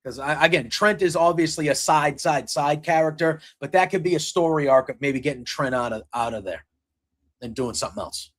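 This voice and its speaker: A man's voice: on the high side, brisk. Rambling man recapping wrestling. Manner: rambling, with many fillers and quoted retellings. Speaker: podcast host recapping wrestling. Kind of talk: casual spoken recap.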